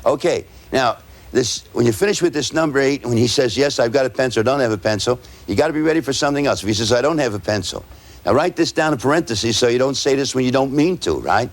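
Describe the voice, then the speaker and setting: A man's voice: mid-range voice, expressive. Man coaching a class with rhetorical questions. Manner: tags points with rhetorical "right?"; spells out words slowly. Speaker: sales trainer. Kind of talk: lecture to salespeople.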